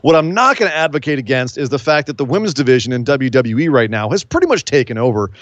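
A man's voice: mid-range voice, animated, quick pace, no echo. A man co-hosting a casual podcast, chatty and joking, with some stumbles and restarts. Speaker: podcast co-host.

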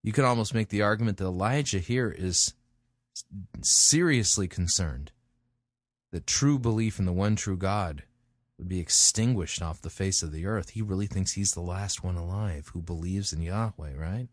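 Man, host, reads scripture then snipes sarcastically, lowish voice, dead-dry sound. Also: moderate pace, no room sound. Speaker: podcast host and critic. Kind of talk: scripture reading and commentary.

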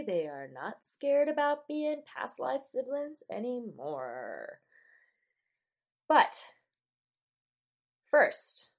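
A woman hosting a podcast, recapping a show in a chatty, opinionated way, with wry asides and frequent fillers. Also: fairly low pitch. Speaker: podcast host. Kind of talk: casual solo recap.

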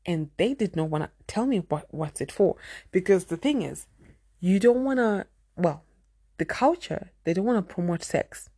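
Zimbabwean mom vlogging, lowish voice, earnest, hammers her point by saying it twice, super dry close sound. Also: expressive, normal speed, mellow, breathy edge, no echo. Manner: earnest and emphatic, repeats key phrases. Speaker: parenting vlogger. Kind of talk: candid personal talk to camera.

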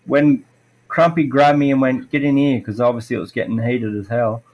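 On a low-quality podcast recording, a middle-aged man with a mid-range voice and moderate pace chats casually about his racing days. He's a retired racer who tells stories animatedly, performing the quotes and leaning heavily on "like."

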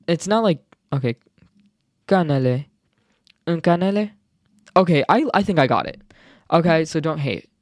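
A young man chats alone on his podcast, bubbly and quick to get excited, with plenty of slang and fillers. His voice sits a little high for a man. The sound is dry and close, with no room echo. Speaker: podcast host. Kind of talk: casual solo podcast chat.

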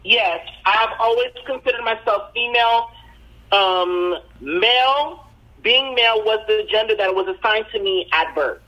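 A woman in her thirties with a Caribbean patois-tinged accent, speaking in a high, very bright voice. She explains things in a calm, self-assured way. The sound is dull and muffled, as if it comes through a phone line. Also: a little slow. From Haitian descent. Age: 30s. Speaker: guest, singer-songwriter and student. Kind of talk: podcast interview over the phone.

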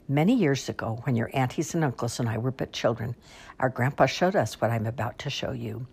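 A woman voicing a wise old grandmother who speaks in a slow, measured, hushed way. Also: very deep voice, creaky, husky, heavily acted.

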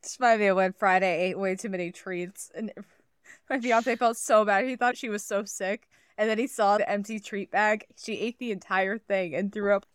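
A woman co-hosting a podcast, giggling, swearing and rambling in casual chat while high. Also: steady tone, normal speed, clean tone, no echo, clean studio sound. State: high on cannabis. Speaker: podcast co-host.

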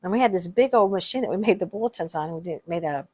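A woman's voice: fairly low pitch, animated, quick pace, mellow, breathy edge. A middle-aged woman co-hosting a casual chat, telling family stories with frequent laughter and restarted sentences. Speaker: podcast co-host.

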